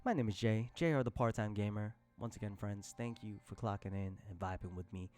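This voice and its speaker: A man streaming live, chatting casually with his viewers, laughing often and breaking into loud outbursts. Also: lowish voice, a little fast, faint music behind. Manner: addresses chat as y'all, slangy.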